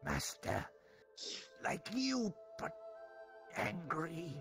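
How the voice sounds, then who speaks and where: A man voicing a small, wary cave imp that talks in slow, broken phrases. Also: fairly high pitch, sing-song, vocal fry, fairly bright tone, faint music behind, pitched above the performer's own voice, exaggerated voice. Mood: insistent. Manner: broken simple speech, slow. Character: small primitive impish cave creature, wary.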